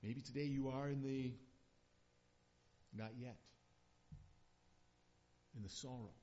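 A man's voice: medium pitch, fairly even intonation, slow pace, warm tone. A middle-aged man preaching a sermon as a pastor, earnest and building to emphatic repeated phrases. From northern Minnesota. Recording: dull lo-fi sound.

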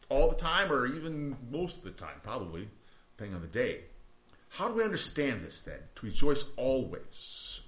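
A man's voice: mid-range voice, huge pitch swings, moderate pace, fairly bright tone, echoey room. A man preaching a sermon to his congregation, talking conversationally with frequent restarts and rhetorical questions. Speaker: pastor.

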